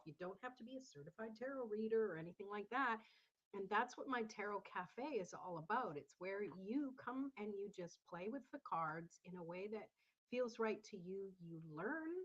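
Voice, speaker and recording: A woman hosting a casual tarot livestream, chatty and encouraging as she talks to viewers in the chat. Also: medium pitch. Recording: slightly dull lo-fi sound.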